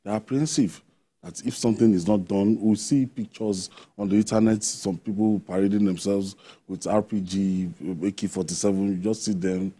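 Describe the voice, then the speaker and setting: A man hosting a television panel, measured as he steers the discussion. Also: lowish voice, steady tone, dark tone. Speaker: show host. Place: television studio.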